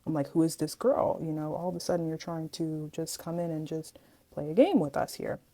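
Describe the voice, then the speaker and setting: A woman's voice: sits low, a little fast, poor audio. Chatty young woman telling a dramatic story. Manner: chatty, animated, dramatic asides, addresses viewers as guys. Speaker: vlogger. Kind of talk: casual storytime.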